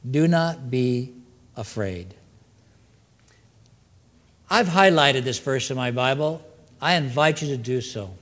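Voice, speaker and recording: A man preaching a sermon, swinging between loud, excited questions and hushed, slow lines. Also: fairly high pitch, in a large hall. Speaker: pastor.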